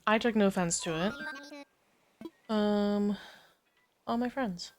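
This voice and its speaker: A woman hosts a livestream in an easygoing, rambling chat while she plays. Her morning voice sits lower than usual. She talks slowly into a desk mic, with soft game music playing underneath. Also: animated. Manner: easygoing, rambling, many fillers. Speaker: livestream gamer host.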